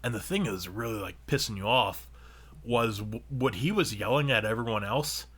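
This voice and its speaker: A man co-hosting a podcast, casually telling a long, profane gaming story that grows animated as he retells it. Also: medium pitch, normal speed, breathy edge. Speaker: podcast co-host. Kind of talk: casual chat.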